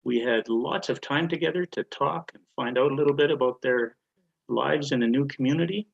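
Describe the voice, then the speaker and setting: An older man telling a story on a church video call, measured and deliberate. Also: mid-range voice, gravelly, muffled recording. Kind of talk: casual storytelling.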